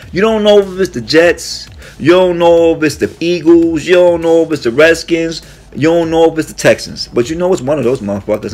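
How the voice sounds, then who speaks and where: Male sports talk host, mid voice, casual and foul-mouthed, trash-talking over faint music. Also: medium pitch. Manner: profane, brash trash talk with shout-outs; hums "mm, mm" between topics. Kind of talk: casual sports commentary monologue.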